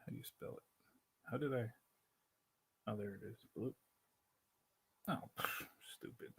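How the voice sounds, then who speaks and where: Gravelly, bright-toned man chatting on a stream. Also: mid-range voice, measured pace. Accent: Spanglish. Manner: rambling, self-interrupting, laughs often. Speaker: livestream host. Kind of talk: casual livestream chat. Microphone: laptop mic.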